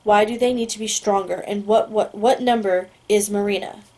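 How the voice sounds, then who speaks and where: A woman reading an audiobook puts on a male government agent running an interrogation. His questions come flat and clipped, neutral in pitch. He is cold and detached. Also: normal speed, natural voice. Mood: impatient questioning. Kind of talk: audiobook character voice.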